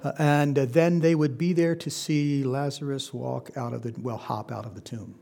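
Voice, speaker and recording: A man's voice: medium pitch, fairly even intonation, moderate pace, gravelly, dark tone, slight background noise. A man preaching a conversational Bible-teaching sermon, putting questions to his listeners. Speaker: pastor.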